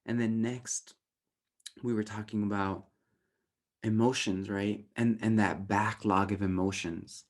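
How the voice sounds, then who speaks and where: A man from Southern California with a fairly low voice, coaching a group in loose, animated talk. He tags points with "right?" and slips into playful raised voices when quoting thoughts. He swears casually and laughs at himself. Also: measured pace. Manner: animated, often ends points with a questioning "right?"; acts out inner voices in raised, playful tones. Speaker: workshop facilitator.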